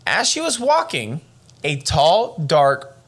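A man's voice: fairly high pitch, wildly swooping pitch, slow pace, fairly bright tone. A young man co-hosting a podcast, telling a true-crime story casually with profane joking asides. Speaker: podcast co-host.

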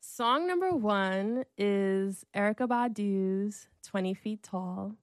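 A woman in her thirties talks openly as a guest in a relaxed conversation. She is chatty and filler-heavy, with ready laughter. Her voice sits at a middle pitch, recorded dry and close. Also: slow pace, no echo. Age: 30s. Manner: chatty, leans heavily on "like", laughs often. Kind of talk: casual heartfelt conversation.

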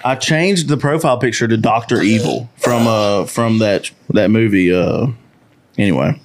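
A man's voice: on the low side, moderate pace. A young man, a podcast guest, telling a story casually and animatedly, often breaking into laughter.

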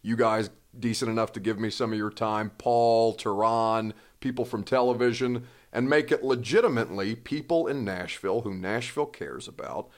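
A man with a lowish, slightly bright voice hosts a podcast. The talk is a casual chat, and he keeps it loose and chatty, wandering into self-deprecating, rambling asides.

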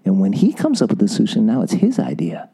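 A man's voice: on the low side, huge pitch swings, fast, gravelly, warm tone, breathy edge, low-quality recording. A middle-aged man giving relationship advice as a podcast guest, coaching emphatically and acting out example lines.

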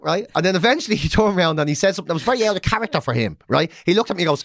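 A man's voice: sits high, very fast, few pauses, no room sound, studio quality. A man in his forties with a Dublin accent, telling a comic story full of swearing and checking in with "right?". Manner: swearing, animated, keeps asking "right?".

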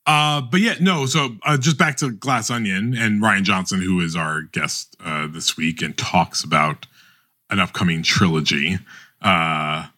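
A man hosting a podcast, talking animatedly in a casual roundtable chat with many quick restarts. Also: low-pitched, sharp tone. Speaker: podcast host.

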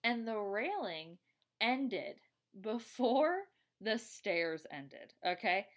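A woman's voice: mid-range voice, drawn-out words. A young woman co-hosting a podcast, telling college stories in a casual, giggly way and laughing often. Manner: giggly, animated storyteller who laughs often. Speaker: podcast co-host. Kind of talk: casual storytelling chat.

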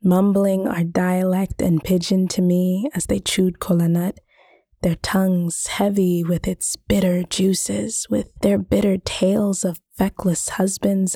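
A woman reading a first-person short story aloud in a measured, wry way. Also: medium pitch, dark tone, slightly rough, no echo, clean studio sound. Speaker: reader.

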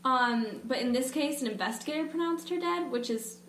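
A young woman co-hosts a casual true-crime chat, dropping wry, dry asides as she goes. Her voice sits a bit high and a little back from the mic. A roomy echo and a faint hiss surround it. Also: lively intonation, fairly quick, fairly bright tone. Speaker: podcast co-host. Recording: roomy, slightly distant mic with faint noise.

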